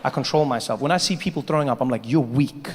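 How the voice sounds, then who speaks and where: Animated comedian in a big hall. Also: male voice, mid-range voice, very fast, noisy background. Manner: animated storytelling, acts out characters. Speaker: stand-up comedian. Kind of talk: stand-up comedy.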